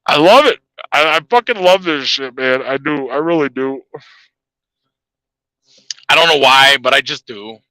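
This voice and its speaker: A man's voice: mid-range voice, animated, measured pace, long pauses, pushed and bright, no echo, rough recording. A man ranting in a heated, profane monologue to his viewers, laughing at his own jabs. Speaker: channel host.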